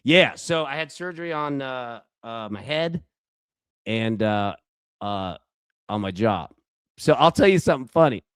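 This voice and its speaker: A man's voice: mid-range voice, smooth, no echo, clean studio sound. A man hosting a live sports betting stream, chatting loosely with viewers and reacting to a baseball game, with lots of fillers and restarts. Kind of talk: casual live-stream chat.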